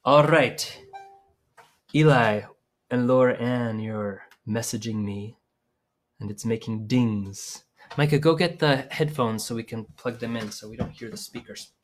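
A man's voice: mid-range voice, a little slow. A man teaching young children music over a live stream from home, talking playfully and singing a silly song between explanations into a microphone on a stand.

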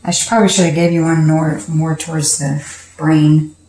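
A woman's voice: low-pitched, flat delivery, moderate pace, mellow, slight background noise. A woman hosting a home cooking video, chatting casually and laughing often as she cooks. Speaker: cooking show host. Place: home kitchen. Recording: echoey kitchen with music.

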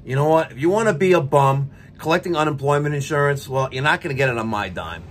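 Angry, swearing man ranting, pitch jumping. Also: animated, fast, slight background noise. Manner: angry, profane, swings between shouting and muttering. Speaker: plumbing business owner and show host. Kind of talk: ranting monologue to camera.

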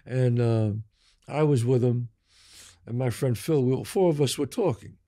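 A man's voice: medium pitch, measured pace. An older man, hosting a podcast and telling stories animatedly, acting out the people he quotes. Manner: animated storyteller, acts out quoted voices. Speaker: podcast host. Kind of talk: casual chat, storytelling.

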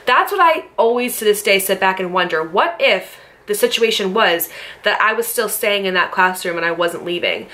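A woman's voice: medium pitch, expressive, moderate pace, pushed and bright. A young woman telling a story to camera, heated, blunt and swearing freely, firing off rhetorical questions. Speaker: storytime vlogger. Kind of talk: casual storytelling.

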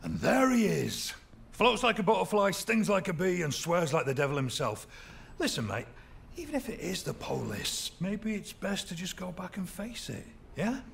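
An actor playing a warm, pious Scottish oil rig worker who teases his mates with folksy sayings. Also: high-pitched, big pitch swings, moderate pace, vocal fry, a little hiss or hum, full character voice. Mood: kindly.

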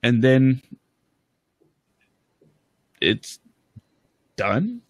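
A man's voice: mid-range voice, big pitch swings, extremely slow, no echo. A man on a panel speaks in a hesitant, reflective way about meeting people. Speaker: panel guest. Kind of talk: casual panel chat.

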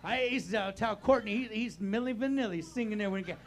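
An older male pastor delivering a sermon in a church sanctuary. His voice sits high for a man, and he swings between loud, animated bursts and quiet, low stretches. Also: a little fast.

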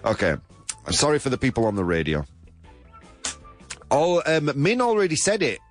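A man's voice: medium pitch, huge pitch swings, moderate pace, faint music behind. A British man hosting a live show, reading out viewer answers in a playful, teasing way. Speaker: show host.

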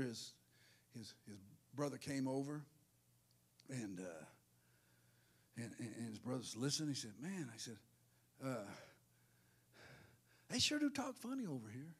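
A male pastor preaching a sermon in church, swinging from hushed asides to shouted, sing-song peaks. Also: medium pitch.

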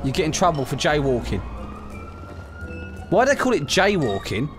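Young English man, high lively voice, cheeky joker in a game chat. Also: moderate pace, soft background music. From England. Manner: playful, cheeky, tells silly made-up stories. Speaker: YouTuber playing a roleplay character. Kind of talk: joking roleplay chat.

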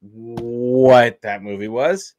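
A man's voice: mid-range voice, animated, a little mellow, soft background music. A man with an American accent, co-hosting a reaction video with short quips. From United States. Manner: short interjections and quick quips. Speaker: reaction channel co-host. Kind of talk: casual reaction chat.

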